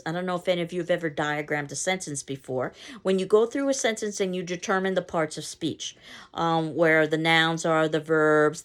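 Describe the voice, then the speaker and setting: A woman teacher giving a recorded lecture on poetry, explaining in a conversational way. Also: lowish voice. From not from the local area. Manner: explanatory, conversational, reads poem aloud in stressed beats.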